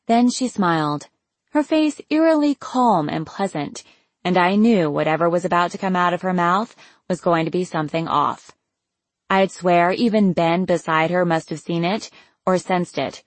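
A woman's voice: fairly low pitch, no echo. A young woman narrating a novel in the first person, wry and casual, swearing now and then. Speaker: audiobook narrator.

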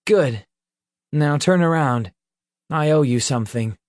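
A cocky, cruel young male leader of a forest band, put on by a man narrating an audiobook. His voice sits higher and louder than the narration, bossy and mocking. The delivery is slow and the sound is dry. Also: dry recording, close to an everyday voice. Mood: menacing. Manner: taunting, commanding. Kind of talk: audiobook character voice.

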